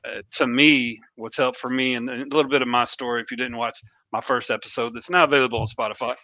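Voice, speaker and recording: A middle-aged man, a veteran co-hosting a podcast, speaking earnestly and haltingly, with frequent restarts. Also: mid-range voice, steady tone, pushed and bright, dry recording. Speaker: podcast co-host, army veteran. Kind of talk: candid podcast talk. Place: remote podcast call.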